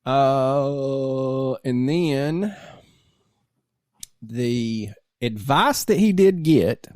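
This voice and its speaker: A man's voice: mid-range voice, very slow, pauses often, darkish tone, smooth, dry recording, clean studio sound. A man co-hosting a casual podcast, rambling loosely and laughing mid-sentence as he reads out listener comments. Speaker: podcast co-host.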